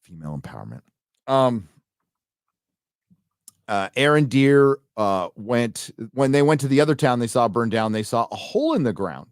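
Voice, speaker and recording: A man's voice: mid-range voice, very animated, moderate pace, pauses often, no echo, clean studio sound. A man reviewing a TV show in a casual live commentary, blunt and sarcastic, full of fillers and restarts. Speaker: video reviewer.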